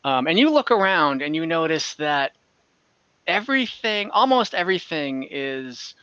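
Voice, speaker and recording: A man's voice: on the high side, big pitch swings, unhurried, bright, forceful tone, smooth, no room sound, highs cut off. A man acting as dungeon master, describing a town at length with many fillers and restarts. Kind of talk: narrating an online tabletop game. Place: online call from home.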